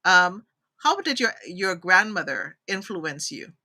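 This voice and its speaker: A woman from Trinidad hosts a live interview show over a video call, speaking slowly in a fairly low voice. She's animated and expressive and tends to wander off into tangents.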